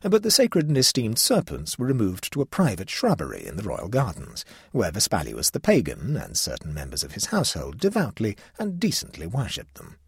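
Husky, animated male storyteller. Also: on the low side, a little fast, hardly any pauses, no echo, studio quality. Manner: expressive, storytelling delivery. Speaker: audiobook narrator. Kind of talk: scripted narration.

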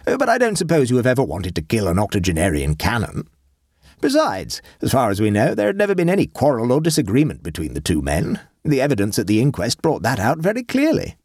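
A man voicing Sir Lulworth, an urbane, wry elderly English gentleman who speaks in dry, unhurried epigrams. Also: medium pitch, huge pitch swings, breathy edge, no echo, voice pushed up, exaggerated voice.

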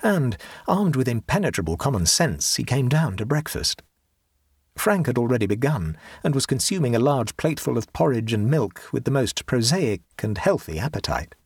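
Husky-voiced male audiobook narrator. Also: mid-range voice, sing-song, moderate pace, no echo, studio quality.

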